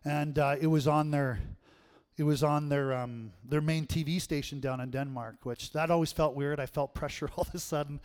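A man preaching a sermon, telling stories in an animated way and laughing often. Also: fairly high pitch, a little fast.

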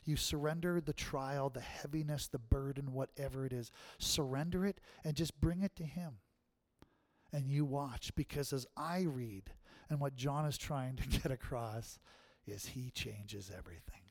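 A man's voice: mid-range voice, measured pace, darkish tone. A man preaching a sermon in a church, talking in a conversational way and often checking in with the congregation, then leading a closing prayer. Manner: conversational, keeps asking the crowd "right?".

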